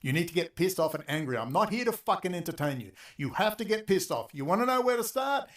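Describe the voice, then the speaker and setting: A man ranting angrily on a talk show, profane and exasperated, talking in rapid bursts. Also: sits high, big pitch swings, a bit bright. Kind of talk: angry political rant.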